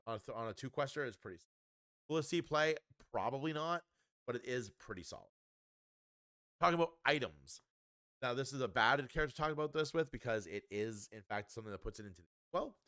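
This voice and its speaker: An upbeat man talks through a card game review in a relaxed, chatty way, often pausing on an um or restarting a phrase. His voice sits in an ordinary middle pitch for a man. The sound is dry and close, with no room around it. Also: dry recording. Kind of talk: casual spoken card review.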